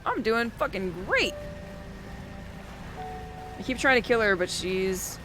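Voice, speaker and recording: A young woman streaming a fishing game, chatting casually with loud, profane, laughing banter. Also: medium pitch, expressive, slow, over music. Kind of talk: casual game livestream chat.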